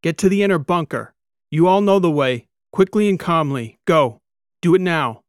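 A man doing a shouting starship captain. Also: a little high, moderate pace, vocal fry, no echo, clean studio sound, voice pushed up. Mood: commanding. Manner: shouting orders. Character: commanding male starship captain in a crisis.

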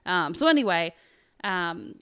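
A young woman hosts a casual podcast chat, retelling a story with plenty of filler words. Her voice sits on the low side for a woman. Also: lively intonation, unhurried, a bit bright, smooth. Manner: chatty, lots of fillers and "like". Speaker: podcast host.

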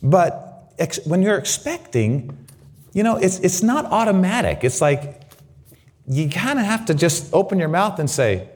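A middle-aged man delivers a sermon as a guest pastor. His pitch swings widely as he preaches, and he often repeats his words. Now and then he acts out shouts of praise. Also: big pitch swings, a little slow, husky.

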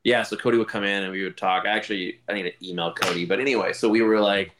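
A man hosting a casual chat, talking in an animated way with many quick restarts. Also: on the low side, background noise. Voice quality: animated, stammering restarts, lively storyteller. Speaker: podcast host.

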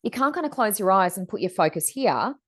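A woman's voice: mid-range voice, sing-song, brisk, fairly bright tone. A woman, chatting casually about spiritual wellness on a podcast, full of fillers and "you know". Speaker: podcast co-host, psychic reader.

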